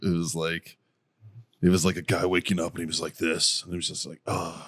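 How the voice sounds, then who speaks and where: Deep-voiced, profane male podcast host. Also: fairly quick. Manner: profane, animated storyteller. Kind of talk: casual podcast banter.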